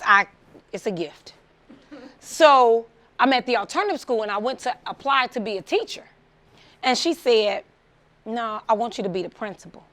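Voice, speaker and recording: Middle-aged woman speaker, gravelly, animated storyteller, plays out dialogue with lots of laughs. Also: medium pitch. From Chicago suburbs. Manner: animated, acts out quoted voices, laughs often. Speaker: motivational speaker. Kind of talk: storytelling talk.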